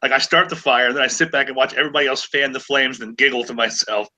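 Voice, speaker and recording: A man's voice: medium pitch, steady tone, fast talker, bright, forceful tone, rough recording. A man in his forties, hosting a podcast, telling stories with sarcasm and plenty of stammered restarts. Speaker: podcast host. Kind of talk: casual chat.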